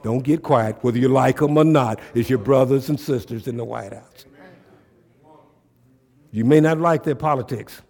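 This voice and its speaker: A man preaching a sermon, calling out to the congregation and swinging between hushed asides and loud bursts. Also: medium pitch, normal speed.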